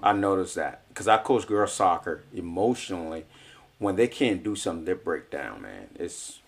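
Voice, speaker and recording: A man's voice: deep voice, expressive, normal speed, vocal fry. A man who coaches youth sports, chatting on a podcast in a laid-back way, trailing off and dropping his voice. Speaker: youth soccer and basketball coach. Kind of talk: casual podcast chat.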